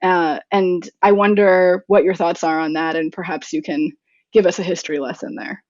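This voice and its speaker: A woman hosts a podcast conversation and asks thoughtful questions. Her voice is fairly low for a woman. The audio is dry and slightly dull. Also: fairly even intonation, moderate pace, darkish tone, no room sound.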